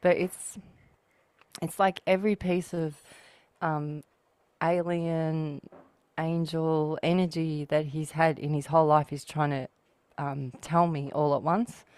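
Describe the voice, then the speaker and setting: Female guest with a deep voice and a dry, close sound, a chatty storyteller. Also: flat delivery, takes it slowly, a little mellow, smooth, dry recording. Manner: chatty anecdotal storyteller, laughs often. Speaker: podcast guest. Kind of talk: casual spiritual chat.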